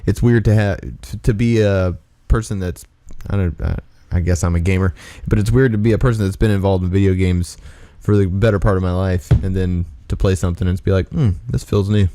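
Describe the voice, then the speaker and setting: A man's voice: low voice, steady tone, fairly quick, hardly any pauses, mellow, no room sound. A young man from South Carolina co-hosting a podcast, rambling enthusiastically with many restarts. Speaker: podcast co-host. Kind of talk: casual chat.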